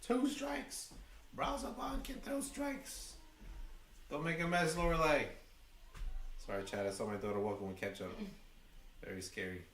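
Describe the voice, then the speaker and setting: Excitable man with a New York accent. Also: on the low side, normal speed, long pauses, echoey room, distant mic, a little hiss or hum. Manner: chatty, excitable, talks to chat. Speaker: livestream host. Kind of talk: fan watch-along commentary.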